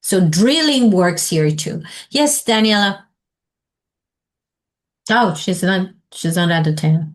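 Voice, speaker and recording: A woman's voice: on the low side, expressive, slow, pauses often. A woman leading a teacher training session, asking the group questions and modeling example sentences aloud.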